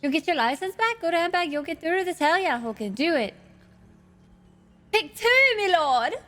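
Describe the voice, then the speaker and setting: A woman's voice: sits high, a bit bright. A woman streaming live, chatting with her viewers in a playful way, swearing freely and laughing often.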